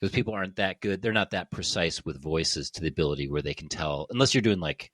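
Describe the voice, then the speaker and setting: Deep-voiced, animated man, dry sound. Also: fast talker, no echo. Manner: animated, playful, mimics accents. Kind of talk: casual podcast conversation.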